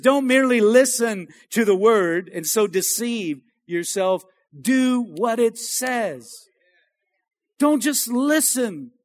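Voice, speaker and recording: A pastor preaching to his church in a strikingly high voice. He calls for amens in call-and-response style and rises to shouts. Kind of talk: sermon. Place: church sanctuary.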